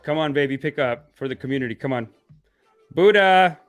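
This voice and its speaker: A man hosting a comedic live stream. He swings between hushed mock-spiritual calm and loud excited outbursts, laughing often. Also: fairly high pitch, fairly quick, faint music behind. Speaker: livestream host.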